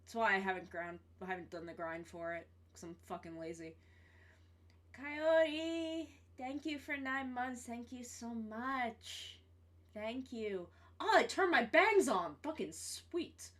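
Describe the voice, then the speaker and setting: A woman streams live and chats to her viewers at her desk mic. Her voice sits a little high, and her talk is loose, profane and full of repeated greetings. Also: takes it slowly, a bit bright. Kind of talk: casual live-stream chat.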